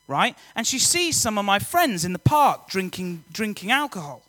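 A young man giving a lively, joking personal testimony talk to students, often quizzing the audience. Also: sits high, moderate pace, hardly any pauses, no echo. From England. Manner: energetic, jokey, audience-engaging. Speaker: youth speaker.

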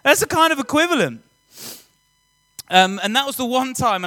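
A young man giving a lively, joking personal testimony talk to students, often quizzing the audience. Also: very high-pitched, dry recording. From England. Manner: energetic, jokey, audience-engaging. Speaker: youth speaker.

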